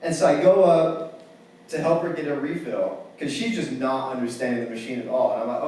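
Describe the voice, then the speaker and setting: This young man's stand-up set is casual and wry, his stories laced with "like." He speaks a touch fast in a medium-pitched, darkish voice, performing live on a campus theater stage, captured from far away in a very reverberant hall.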